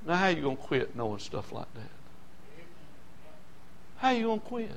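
An older man preaching a sermon, passionate, dropping from hushed storytelling to shouting. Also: a little high, big pitch swings, normal speed, vocal fry, slight background noise. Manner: impassioned, swings from hushed to shouting.

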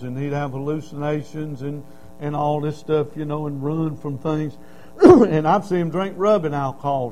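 Preacher, man, middle-aged, high voice, folksy storytelling, swells into fervent cries. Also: a little mellow, rough recording. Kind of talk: sermon.

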